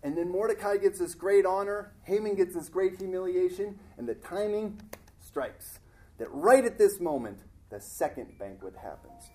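A man preaching a sermon, retelling a Bible story in a conversational, animated way. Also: high voice, moderate pace.

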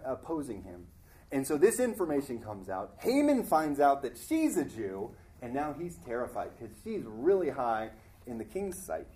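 A man preaching a sermon, retelling a Bible story in a conversational, animated way. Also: mid-range voice.

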